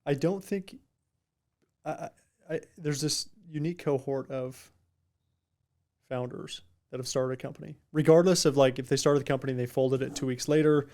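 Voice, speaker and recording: A man's voice: medium pitch, fairly even intonation, moderate pace, warm tone. A man hosting a podcast, asking questions casually and reacting with enthusiasm. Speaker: podcast host. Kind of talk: casual interview.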